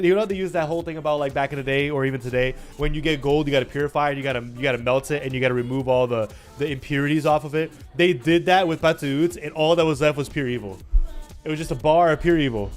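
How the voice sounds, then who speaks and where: A young man livestreaming, chatting casually and teasing his chat with playful mock rants. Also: on the high side.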